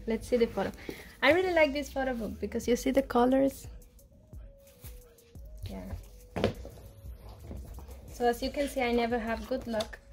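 Excitable woman unboxing, soft music. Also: fairly high pitch, unhurried, pauses often. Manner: excitable, pleading, laughing often. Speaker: vlogger. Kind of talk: casual unboxing chat.

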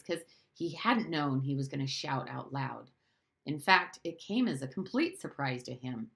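A woman reading a novel aloud in a measured, even storytelling manner. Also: low-pitched. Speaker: audiobook reader.

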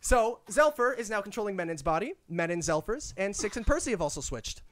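High-voiced laughing young game master. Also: male voice, very animated, fairly quick, a little hiss or hum. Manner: laughs often, loose and chatty. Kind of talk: narrating a tabletop game.

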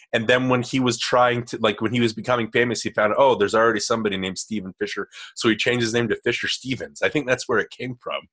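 A man's voice: mid-range voice, a bit bright. A man co-hosting a podcast in casual chat, easygoing, often repeating words as he thinks aloud. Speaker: podcast co-host.

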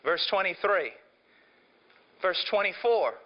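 A middle-aged male preacher with a high voice, delivering an impassioned sermon. He swings from hushed, low lines to ringing shouts. The recording is dull and lo-fi. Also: expressive, slow.

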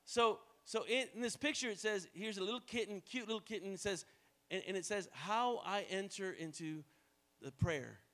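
A high-voiced American man preaches a sermon to his church. He drops into soft, low stretches and then climbs to loud, rising exhortations, prompting the congregation to repeat after him and tossing off light jokes between points. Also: normal speed. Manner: joking asides to the congregation. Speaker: pastor.

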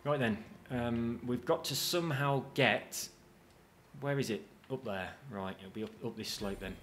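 A man giving let's-play commentary on a video game. He is chatty and jokey, swears casually and makes asides to his viewers, and his voice sits at an ordinary middle pitch. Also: measured pace, a bit bright, soft background music. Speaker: gaming video host.

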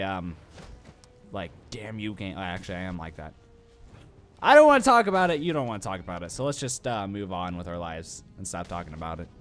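A man's voice: deep voice, a bit bright. A young adult man giving let's play commentary, rambling and self-mocking and talking back to the game. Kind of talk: gaming commentary.

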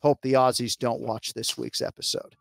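An American man hosting a casual sports betting chat, chatty and self-mocking with quick asides. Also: mid-range voice, flat delivery, gravelly, faint music behind. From United States. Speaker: host.

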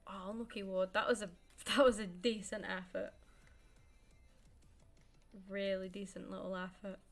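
A woman in her twenties streams a football game from home, joking and swearing at her own play. Her laugh breaks in often between quick remarks, and faint game music plays behind her. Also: mid-range voice, level tone. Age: 20s. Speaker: gaming streamer. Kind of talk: casual live gameplay commentary.

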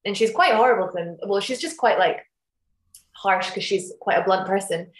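Young actress, chatty and rambling, mid-pitched, recorded in a roomy space over a video call. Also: female voice, moderate pace. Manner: chatty, rambling with many restarts and fillers. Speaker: actress interviewed about her series. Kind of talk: casual interview chat. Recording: echoey room.

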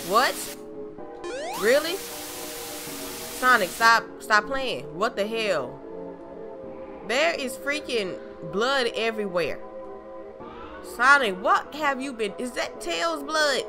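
Woman gamer, slow and animated, yelping reactions, loud game soundtrack. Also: fairly high pitch. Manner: excitable, cursing, reacts aloud to the game. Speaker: gameplay streamer. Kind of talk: horror game let's play commentary. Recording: loud game music behind the voice.

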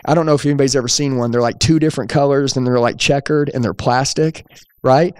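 A man's voice: medium pitch, fairly even intonation, fast, smooth, no room sound, clean studio sound. A man hosting a podcast, telling his own story with energy and emphasis and acting out the dialogue. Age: young adult at the time of the story, now older. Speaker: podcast host, sales trainer. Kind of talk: storytelling monologue.

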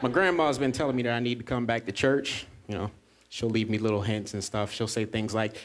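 A man's voice: mid-range voice, steady tone, brisk. A man doing a stand-up comedy set with a laid-back, self-deprecating delivery.

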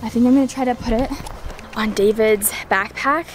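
Chatty high-voiced woman vlogging on a trail. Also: normal speed. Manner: chatty and breathless, lots of "like" and restarts, playing up suspense. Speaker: family vlogger on an acted adventure hunt. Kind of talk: acted adventure vlog, talking to the camera. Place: outdoors on a wooded hiking trail.

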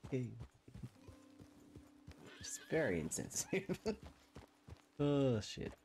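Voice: medium pitch, very animated, drawn-out words, a little mellow, a little hiss or hum. An Australian streamer chatting casually during a roleplay game stream, laughing often and swearing freely.

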